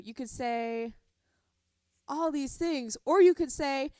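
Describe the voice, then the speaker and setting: Young female podcast co-host, earnest, unhurried delivery, dry close sound. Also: high-pitched, fairly even intonation, a little mellow, clear, resonant tone, no room sound. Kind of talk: casual fan podcast chat.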